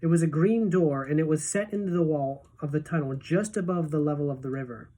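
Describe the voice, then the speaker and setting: A woman teacher reading a children's novel aloud to her class in a steady, even storytelling voice. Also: sits low, brisk.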